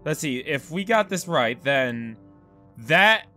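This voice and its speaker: Young man, let's-play commentary, bright voice, slow unhurried pace, rambling and self-mocking, faint music behind. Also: a little high, lively intonation. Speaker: gaming video host.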